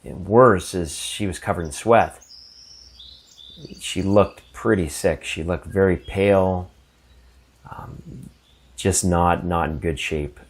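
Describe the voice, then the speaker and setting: A man telling a first-person ghost story in a halting, earnest way, often repeating words as he gets emotional. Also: low voice.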